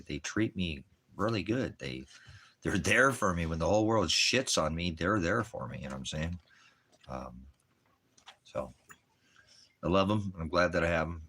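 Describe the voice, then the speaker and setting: Very deep husky man. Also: fairly bright tone. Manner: baby-talks his dogs in a high sing-song voice; rambling, with many fillers and restarts. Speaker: vlogger. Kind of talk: casual talk to camera.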